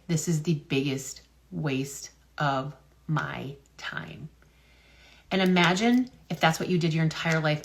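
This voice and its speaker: A woman with a slightly low voice talks straight to her viewers in a loose, casual vlog. She rambles and thinks out loud, full of "um"s and restarts. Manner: rambling, wonders aloud, many fillers and restarts. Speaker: health and business content creator. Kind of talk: casual talk-to-camera vlog.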